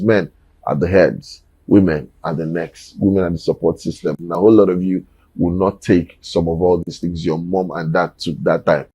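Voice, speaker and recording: A man's voice: low-pitched, mellow, husky, no room sound, rough recording. A man, giving an emphatic, preachy opinion monologue and repeating words for emphasis. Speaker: commentator.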